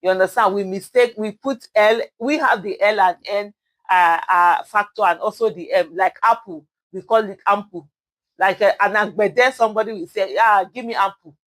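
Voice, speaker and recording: A Nigerian woman from Edo State, speaking with an Edo accent in a mid-range voice, hosts casual spoken commentary. She rambles with lots of fillers and self-corrections while earnestly urging her listeners on. The recording is rough but has no echo.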